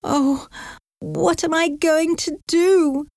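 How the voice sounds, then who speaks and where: A woman voicing a frightened, fretful elderly aunt in an audiobook, pleading in a high, trembling voice. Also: slow pace, no echo, clean studio sound. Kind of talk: audiobook character voice.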